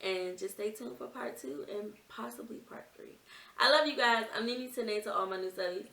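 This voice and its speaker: A woman's voice: mid-range voice, normal speed, a bit bright, far from the mic. A young woman vlogger earnestly telling a personal story in a conversational, emotional way. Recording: echoey room, off-mic.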